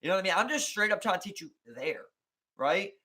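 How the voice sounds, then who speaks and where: A fast-talking man co-hosting a podcast, with a lively, swooping delivery. He speaks in loose street slang and breaks into laughter often, with a slightly high pitch. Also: husky. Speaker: podcast co-host. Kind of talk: casual chat.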